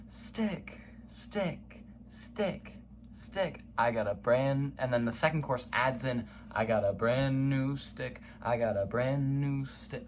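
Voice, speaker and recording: Over a slight hiss or hum, a young man with a fairly low voice runs through a casual spoken countdown of his favorite songs. As a music reviewer he's full of enthusiasm, scatting and humming song parts and dropping plenty of fillers.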